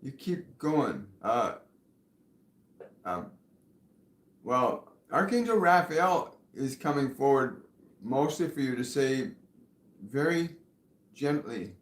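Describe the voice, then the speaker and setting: A man hosting a live spiritual Q&A, soft-spoken and unhurried. He pauses often, fills gaps with quiet fillers, and lets his voice sink nearly to a whisper. The room has a noticeable echo, and his pitch stays mid-range. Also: sing-song. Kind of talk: live-stream channeling and reading viewer questions.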